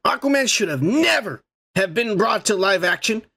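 Raspy, bright-voiced podcast co-host man. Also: high-pitched, lively intonation, moderate pace. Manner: crude, boastful, joking. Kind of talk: casual drunk chat.

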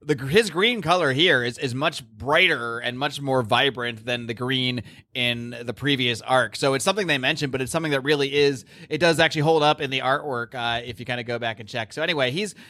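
In studio-quality audio without room sound, a male podcast host recaps a comic book issue. He's animated and casual, full of fillers and restarts, with a medium-pitched voice that's brisk, pushed and bright.

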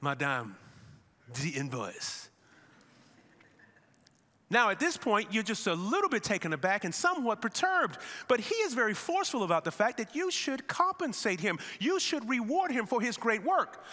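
A man preaching a sermon as a pastor, telling a vivid, animated story to make his point. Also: very high voice, brisk, few pauses, in a large hall.

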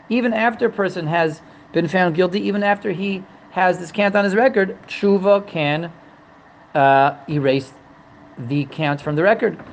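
A man's voice: high-pitched, highs cut off, slight background noise. A man teaching a religious text, humorous and digressive, often repeating and restarting his phrases. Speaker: Torah teacher. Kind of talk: religious lesson.

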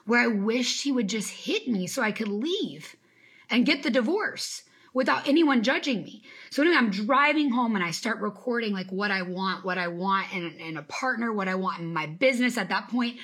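A woman's voice: mid-range voice, a little fast, a bit bright, slightly rough. A woman in her thirties, a business coach giving an emphatic, faith-infused motivational talk on a live stream and greeting viewers by name. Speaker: business coach and podcast host.

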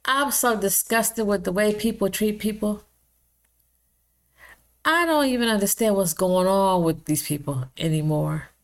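A woman's voice: mid-range voice, a little slow. A woman, giving impassioned vlog commentary, indignant and emphatic, repeating lines for stress. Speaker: video blogger.

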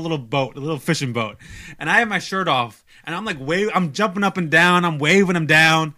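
A young man casually telling a long story on a podcast, animated and self-mocking, stumbling over restarts. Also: a little high.

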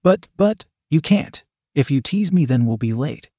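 A man's voice: fairly high pitch, expressive, unhurried, dark tone, husky, dry recording, studio quality. A man voicing an eager, submissive young woman who pleads and stammers breathlessly. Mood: flustered.

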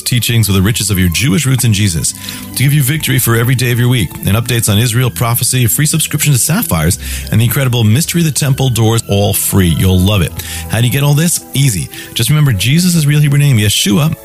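Animated man preaching on radio. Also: fairly low pitch. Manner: emphatic repetitive preaching cadence. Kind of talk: radio sermon with on-air offer.

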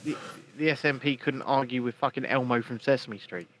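A man's voice: mid-range voice, fairly quick, a bit bright, a little hiss or hum. A man hosting a podcast in casual chat, mocking and sarcastic. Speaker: podcast host.

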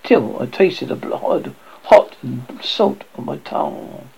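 Gravelly-voiced man reading a horror story. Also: mid-range voice, animated, takes it slowly, warm tone, rough recording.

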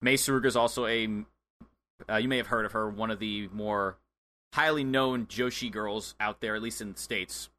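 An enthusiastic man co-hosting a podcast in casual chat. His voice is bright and forward. He fills his pauses with hesitant "uh"s. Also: lowish voice. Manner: enthusiastic, chatty, hesitant fillers. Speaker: podcast co-host.

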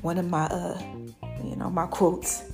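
A woman's voice: on the low side, measured pace, over music. A woman from the United States hosting her own podcast, talking casually and animatedly to her listeners. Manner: chatty and animated, addresses listeners as y'all. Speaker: podcast host. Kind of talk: casual solo podcast talk.

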